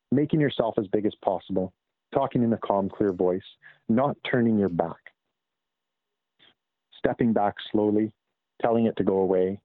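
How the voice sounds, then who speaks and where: A man from Canada, a guest wildlife expert in a casual phone interview, speaking in a measured way with many fillers and restarts. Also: fairly low pitch, no room sound. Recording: tinny phone line.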